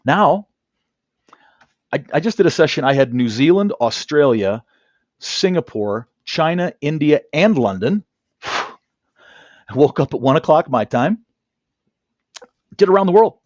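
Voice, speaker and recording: A man tells stories from his training work with lively energy, slipping into the voices of clients and colleagues as he quotes them. His voice sits at a middle pitch and sounds dry and a little dull, as if it comes through a video call. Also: measured pace, long pauses, no room sound. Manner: animated, acts out quoted dialogue. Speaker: negotiation trainer. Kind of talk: interview storytelling. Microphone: video call camera.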